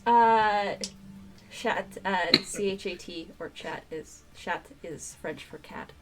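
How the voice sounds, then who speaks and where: A woman's voice: mid-range voice, slow pace. A woman running a tabletop game on a live stream, chatty and explaining the rules with frequent filler words. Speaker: game master.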